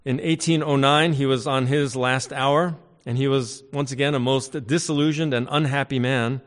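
A man delivering a sermon in a large church, his voice carrying a long reverb through the hall. He preaches with emphasis, rising to loud declarations and dropping to quiet asides, at an everyday male pitch. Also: fairly even intonation, normal speed. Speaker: pastor.

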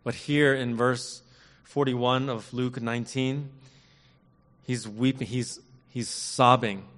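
Male preacher, earnest and measured sermon delivery with repeated emphasis, long hall reverb. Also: mid-range voice, steady tone, fairly bright tone.

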